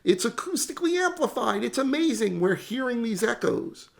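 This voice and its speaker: Animated gravelly man explaining sound. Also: very high-pitched, normal speed. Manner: animated, demonstrates with sound effects, self-mocking dad jokes. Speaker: tech educator. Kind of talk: explainer lesson.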